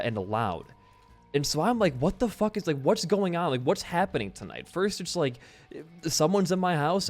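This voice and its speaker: Chatty young man narrating over gameplay. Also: mid-range voice. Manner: chatty, rambling, casual swearing. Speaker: gaming video host. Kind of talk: casual let's-play commentary mixed with storytelling.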